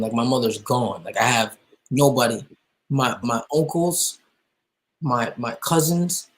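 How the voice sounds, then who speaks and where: A young man, a musician guest, telling his personal story with emotion, halting and full of restarts and fillers. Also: medium pitch, rough recording.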